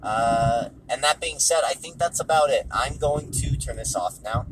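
A man's voice: mid-range voice, normal speed, background noise. A tired, hungry man hosting a casual solo podcast, offhand and dismissive, repeating himself, recorded in a car. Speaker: podcast host.

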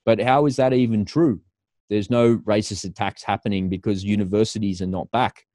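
A man's voice: fairly low pitch, fairly even intonation, normal speed, warm tone, no echo, studio quality. A middle-aged Australian man giving a scornful opinion monologue, breaking into laughter at his own points.

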